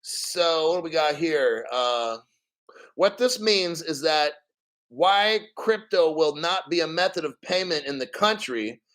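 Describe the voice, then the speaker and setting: A man's voice: a little high, a bit bright. Profane, fired-up male crypto streamer. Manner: profane, emphatic, rhetorical questions. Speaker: crypto livestream host. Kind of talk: casual live-stream rant.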